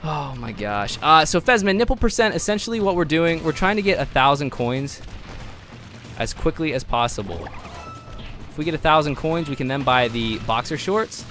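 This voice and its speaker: A man live-streaming gameplay, chatting with viewers in an excitable, gushing way and laughing often, flustered. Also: a little high, moderate pace, soft background music.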